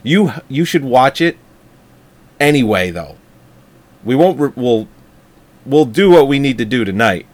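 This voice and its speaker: A man's voice: medium pitch, lively intonation, unhurried, long pauses. A man co-hosting a casual movie review chat, swearing and laughing as he tells long stories. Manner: laughing, swearing, rambling storyteller. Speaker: podcast co-host.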